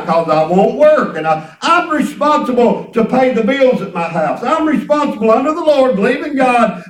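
A middle-aged man preaching a folksy, emphatic sermon and repeating himself for effect. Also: high voice. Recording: echoey room, from a distance.

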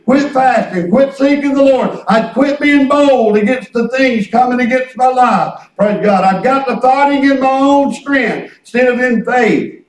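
A man preaching a sermon, telling folksy stories and calling on the congregation to respond. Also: extremely high pitch. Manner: folksy storytelling with call and response. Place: church hall. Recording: echoey room, distant mic.

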